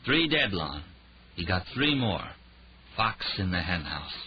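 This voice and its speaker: A man narrator voicing a drunk, raging male detective who snarls and shouts. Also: low-pitched, sing-song, slow pace, lo-fi sound, a little hiss or hum, heavily acted. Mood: bitter drunk. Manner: snarling, shouting, slurred rants.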